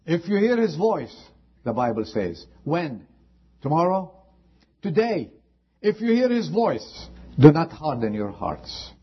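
A man preaching a sermon as pastor, impassioned, rising high and then dropping to a hush. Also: big pitch swings, slow pace, husky, muffled recording. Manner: impassioned preaching with sudden drops to quiet.

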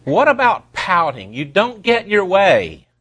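A pastor preaching a sermon to his congregation, slowing down to stress key words and dropping playful asides. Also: sits high, huge pitch swings, a bit bright, breathy edge.

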